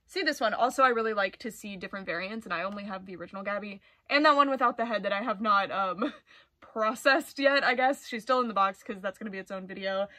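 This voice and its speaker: A young woman, gushing excitedly in a casual doll-collecting vlog. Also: mid-range voice, no room sound. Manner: excitable and gushing, with frequent exclamations. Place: busy retail store, indoors.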